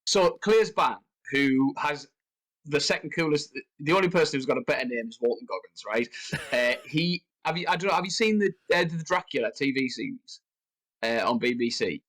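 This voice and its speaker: A man co-hosting a film podcast, talking in a rambling, animated way that jumps up in pitch when he rants. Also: a little fast, rough recording. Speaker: podcast co-host. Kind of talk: casual film discussion.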